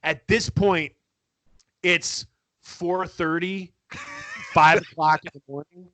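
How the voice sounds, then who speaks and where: Bright-voiced man telling a story. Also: on the high side, slow pace, no room sound. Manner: animated, acts out quotes with laughter. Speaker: podcast guest storyteller. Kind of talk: casual storytelling.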